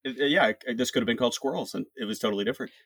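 A man who is a guest on a game podcast talks casually and reads summaries with a playful, theatrical touch. His voice is slightly husky and sits at an ordinary male pitch. The sound is dry and close. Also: very fast, fairly bright tone, dry recording.

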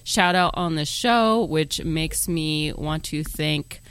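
A man's voice: fairly high pitch, slow, fairly bright tone, clean tone, no room sound. A man hosting a podcast, chatting casually and plugging the show between jokes. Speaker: podcast host.

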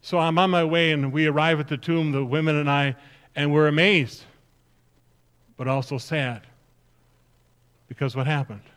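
An earnest woman disciple tells her own story to a congregation, as a male pastor puts her on in a first-person sermon. The voice sits slightly higher than usual for a man and carries emphatic, storytelling weight. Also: steady tone, normal speed, long pauses, a bit bright, clean tone, lightly acted. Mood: sorrowful. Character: grieving then joyful woman disciple, earnest.

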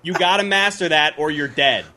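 A man's voice: on the high side, normal speed, heavy background noise. A young American man co-hosting a podcast, riffing in crude, joking rants and laughing often. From United States. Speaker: podcast co-host. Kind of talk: casual chat.

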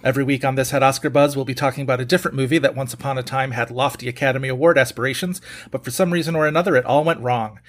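A man's voice: mid-range voice, steady tone, racing. A man hosting a podcast, chatting casually and joking, with frequent fillers. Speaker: podcast host.

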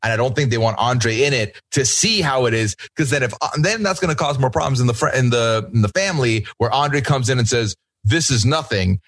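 A man co-hosting a podcast, chatting casually and giving opinionated takes with quick asides. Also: mid-range voice, expressive, a bit bright. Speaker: podcast co-host. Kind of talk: casual chat recapping a reality show.

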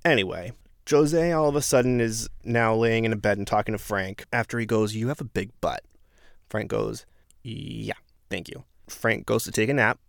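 A man's voice: lowish voice, normal speed, gravelly, dry recording, clean studio sound. A man giving a casual, sarcastic recap of a reality show, sometimes exasperated. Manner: exasperated, sarcastic, animated outbursts.

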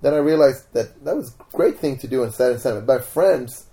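A Swedish-accented man with a gravelly, creaky edge in his voice tells his story as a guest in a relaxed home interview. He rambles at an easy pace, full of "like"s and false starts. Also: medium pitch, quick pace. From Sweden. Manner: relaxed storytelling with repeated "like" and restarts. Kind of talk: casual interview chat.

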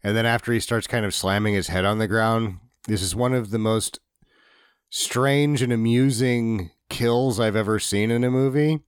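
A man's voice: lowish voice, normal speed, clear, resonant tone, dry recording, clean studio sound. A man co-hosting a podcast, chatting playfully about a movie and swearing freely. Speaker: podcast co-host. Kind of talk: casual movie recap chat.

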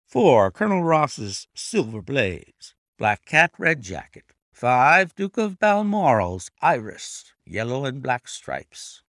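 A man reads a classic mystery aloud at an unhurried, deliberate pace, his pitch rising and falling with lively expression. The recording is dry and close, with no room sound. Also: dry recording. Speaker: reader and annotator of classic stories. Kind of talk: storybook narration.

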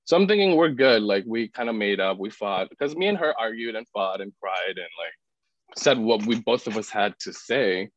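On the low side and expressive, a man speaks at a moderate pace as a podcast guest telling a personal story. He fills it with frequent "like"s and acts out other people's words, and the dull, dry recording has no room sound.

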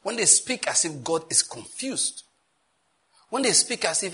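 A man with a Nigerian accent preaching a sermon as pastor, animated and telling stories with asides. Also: fairly high pitch, normal speed, breathy edge.

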